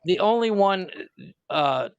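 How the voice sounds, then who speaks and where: A man co-hosting a comedy podcast, bantering crudely and laughing loudly at his own jokes. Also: sits high, expressive, slow pace, vocal fry, dull audio. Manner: loud laughing, jokey. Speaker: podcast co-host.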